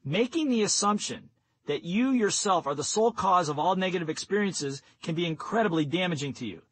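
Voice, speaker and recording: A man narrating a nonfiction audiobook in a steady, instructive reading voice. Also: high-pitched, brisk, poor audio. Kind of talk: scripted narration.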